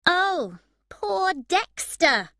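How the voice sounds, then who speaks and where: A woman reading aloud and voicing a proud, sharp-tongued young woman, lifting her voice high and emphatic. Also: big pitch swings, measured pace, no room sound, studio quality. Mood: angry.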